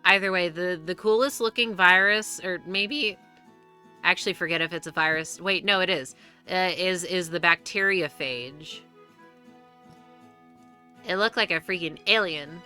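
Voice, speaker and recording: A woman's voice: fairly low pitch, measured pace, sharp tone, faint music behind. A young woman streaming live, chatting casually and rambling with frequent restarts and free swearing.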